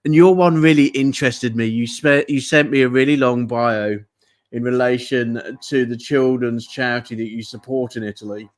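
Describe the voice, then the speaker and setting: A man's voice: medium pitch, fairly even intonation, moderate pace. A man hosting an online music show, chatting with a guest and praising the performance with enthusiasm. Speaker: show host. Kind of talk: casual interview chat.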